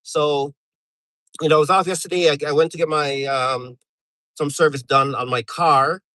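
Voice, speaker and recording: A man's voice: fairly high pitch, steady tone, normal speed, pushed and bright, no echo, rough recording. A middle-aged man from Canada chatting casually on a live stream, rambling with lots of fillers and restarts.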